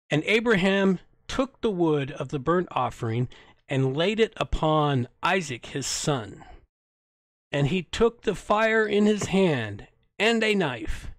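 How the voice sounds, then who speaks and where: A man with a somewhat high voice reads scripture slowly and deliberately, then breaks off into casual, wry commentary. He sometimes stumbles and goes back to fix a phrase. The sound is close and dry, with no room in it. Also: no echo. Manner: wry, sarcastic asides between plain reading; stumbles and corrects himself while reading. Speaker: host reading scripture. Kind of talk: Bible reading with casual commentary.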